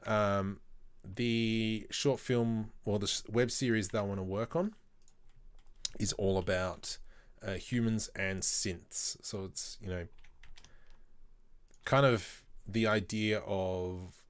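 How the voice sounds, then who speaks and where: A man's voice: lowish voice, fairly even intonation, slow, long pauses, clean tone. A man in his thirties, casually rambling to viewers while working through a 3D modeling livestream. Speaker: 3D artist streaming.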